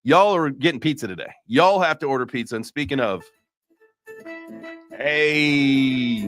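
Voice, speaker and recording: A man's voice: a little high, moderate pace, a bit bright, soft background music. A man hosting a casual crypto livestream, joking loosely and swearing freely. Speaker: host.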